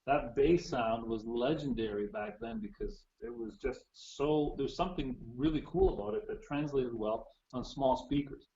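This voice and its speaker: A man's voice: mid-range voice, very animated, moderate pace, creaky, few pauses, mellow, highs cut off. A man in casual chat, explaining old music gear in a chatty way with restarts, heard over a call. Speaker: guest musician. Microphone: phone or video call.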